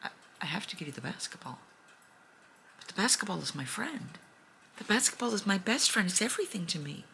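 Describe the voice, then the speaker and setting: A woman's voice: fairly high pitch, moderate pace, gravelly, bright, forceful tone, a little hiss or hum. A woman voicing a brave little girl in a storybook, speaking in an earnest, pleading way.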